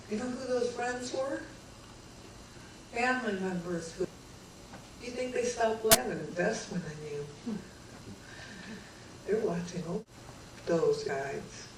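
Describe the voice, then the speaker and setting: A woman giving an inspirational talk to a live audience, telling her story slowly and heartfelt, then teasing the crowd playfully. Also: on the high side, animated. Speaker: guest speaker. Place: large echoey hall. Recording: roomy hall from far off with background noise.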